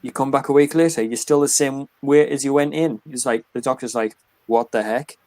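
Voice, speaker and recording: A man's voice: medium pitch, a little fast, darkish tone, no room sound. A man co-hosting a casual chat, rambling through a story conversationally. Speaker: co-host.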